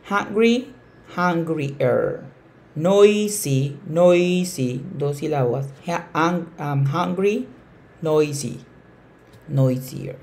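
A woman teacher with a slightly low voice explains grammar with strong emphasis. She repeats key words again and again and slows down to stress each example. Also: darkish tone. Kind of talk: bilingual classroom explanation.

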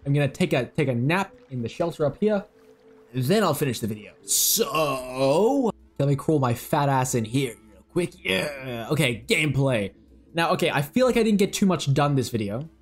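A young man giving excitable, swearing gameplay commentary while he plays, talking to himself. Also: mid-range voice, normal speed, soft background music. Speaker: gaming video creator.

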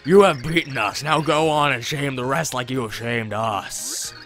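A man's voice: mid-range voice, moderate pace, a bit bright, faint music behind, close to an everyday voice. A man voicing solemn male martial-arts brothers in a video game, speaking formally. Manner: formal, old-fashioned speech.

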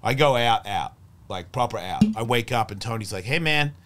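There's slight background noise as a middle-aged podcast guest spins a long, profane, meandering tale, voicing the other people in it. He speaks at a normal speed in a low-leaning, somewhat bright voice.

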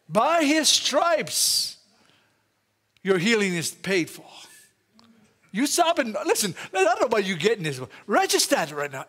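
A man's voice: high voice, fairly bright tone. A man with a Louisiana Southern accent preaching a fervent sermon as pastor in a church, often exclaiming praise and hallelujah. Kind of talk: Pentecostal-style sermon. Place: church sanctuary.

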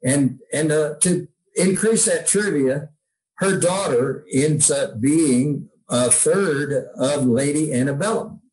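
A man's voice: fairly high pitch, slow pace, a little mellow, poor audio. A man, a songwriter, telling heartfelt stories in a casual interview, rambling with many restarts. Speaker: songwriter guest.

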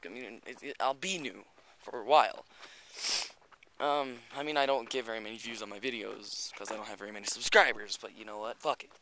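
Walking through rural hills beside a creek with a handheld camera, a man vlogs casually, rambling with plenty of swearing and chatty asides. He is a bit winded, and his brisk voice is on the low side, bright and forceful.

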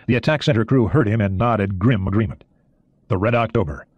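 A man reading an audiobook in a steady, expressive way. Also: on the low side, fairly quick, no echo, muffled recording. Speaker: audiobook narrator. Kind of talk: audiobook narration.

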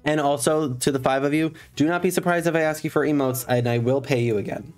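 A man's voice: a little high, steady tone, fast talker, a little mellow, faint music behind. A man in drag on a live stream, chatting casually and campily with his viewers, swearing playfully at them.

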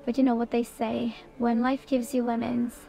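A computer voice reading a genteel game character's lines in a prim, polite, evasive manner. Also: female voice, fairly high pitch, monotone, normal speed, gravelly, over music. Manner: prim, polite, deflecting with formal phrases. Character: genteel, evasive woman at a city party.

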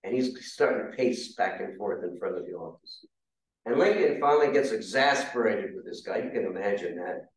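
A man's voice: lowish voice, expressive, normal speed. Man giving a history talk in an echoey hall. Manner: conversational, asks the audience questions. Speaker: guest speaker. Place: meeting hall. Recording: very echoey room, mic far off.

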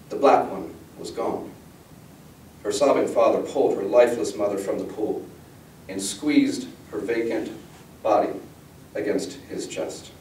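A man, the author, giving an expressive, measured reading of his fantasy novel. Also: mid-range voice, far from the mic, a little hiss or hum. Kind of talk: dramatic fantasy book reading. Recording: echoey room, voice from the mic.

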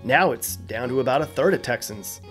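A man's voice: medium pitch, animated, brisk, fairly bright tone, faint music behind. A man hosting a scripted explainer video, casual and joking with wry asides. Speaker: host.

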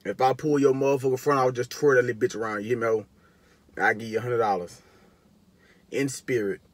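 A man's voice: mid-range voice, fairly even intonation, brisk, dry recording. A man hosting a music reaction video, talking in casual, profane, joking commentary with taunting asides.

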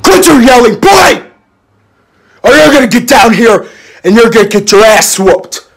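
A man voicing an angry adult who shouts at a boy to stop yelling. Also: very high-pitched, sing-song, measured pace, pitched above the performer's own voice, full character voice. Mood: furious scolding. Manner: shouting, threatening.

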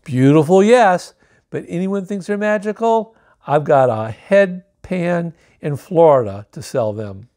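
Male picture-book reader, animated and wry, slightly high voice. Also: a little slow, hardly any pauses. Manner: wry, joking asides. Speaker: storybook reader. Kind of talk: reading a picture book aloud.

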